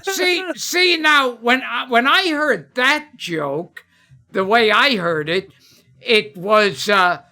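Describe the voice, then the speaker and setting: A comedian on a podcast who tells jokes haltingly, full of uhs and ums, and laughs at his own punchlines. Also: very high voice, pushed and bright. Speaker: comedian guest. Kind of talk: joke-telling podcast chat.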